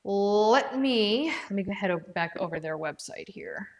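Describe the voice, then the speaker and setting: With her dog keeping her company indoors, a woman hosts a laid-back product livestream from home. Her medium-pitched voice is animated but measured in pace. Chatty throughout, she addresses viewers by name, reads their comments, and talks through her thoughts as she checks prices.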